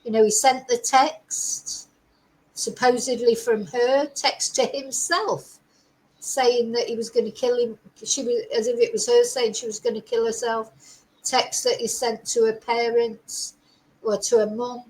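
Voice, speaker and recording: A woman giving casual, opinionated true crime commentary, sarcastic at times and chatty with many fillers, her throat a little rough. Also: on the high side, unhurried, rough recording. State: slight frog in throat, clearing throat.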